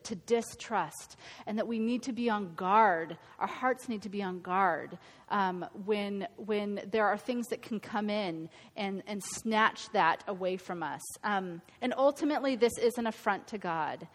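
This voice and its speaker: A woman's voice: mid-range voice, unhurried. A woman giving an earnest, conversational Bible teaching, correcting her own slips. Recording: long hall reverb.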